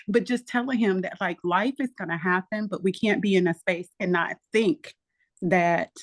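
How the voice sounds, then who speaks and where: A woman's voice: medium pitch, moderate pace, no room sound, studio quality. A middle-aged woman and mother sharing in a Bible study, speaking reflectively, storytelling with many fillers. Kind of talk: casual faith discussion.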